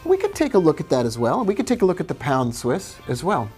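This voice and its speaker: A man's voice: on the high side, wildly swooping pitch, fast talker, a little mellow, soft background music. A man hosting a live trading stream, chatting casually, reading viewer questions and greeting them by name as he walks through charts.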